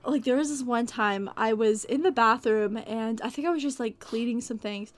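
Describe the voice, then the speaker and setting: A woman's voice: on the high side, normal speed. A woman telling work stories in a casual chat, rambling, with lots of "like" and "dude". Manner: rambling storyteller, heavy on like and dude.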